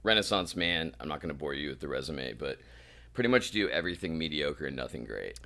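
A man's voice: rumbling low, big pitch swings, a little fast, gravelly, pushed and bright. A man in his late thirties from Wisconsin, a guest in casual chat, joking and self-deprecating. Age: 30s.

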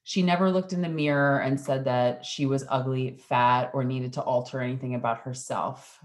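A woman in her thirties with a notably low, deep voice talks in a casual interview. She is chatty and playful and tells her stories with animation. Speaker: podcast host and interview guest.

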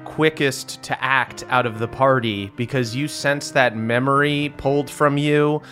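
A man narrating as game master of a tabletop role-playing game, relaxed and descriptive with frequent fillers. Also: medium pitch, unhurried. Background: soft background music.

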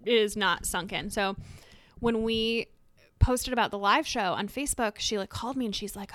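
A woman's voice: mid-range voice, normal speed, fairly bright tone, no room sound. A young woman co-hosting a podcast, telling stories casually with plenty of "like". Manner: storytelling, lots of "like" and "I was like". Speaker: podcast co-host. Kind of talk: casual chat.

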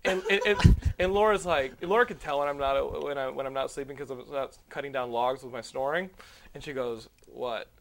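A man's voice: medium pitch, brisk, gravelly. A young man hosting a podcast, telling a long story in a rambling, profane way and acting out the dialogue. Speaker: podcast host. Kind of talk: casual podcast chat.

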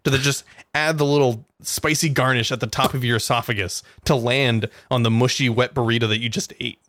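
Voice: medium pitch, fairly even intonation, fairly quick, a bit bright, no room sound, studio quality. A podcast co-host in casual banter, giggly and playfully disgusted, talking over a remote call. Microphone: remote call mic.

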